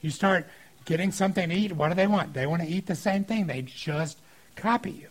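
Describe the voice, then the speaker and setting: Middle-aged pastor guy preaching, slightly high voice, lively storytelling, does kid voices. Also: fairly quick. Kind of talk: sermon.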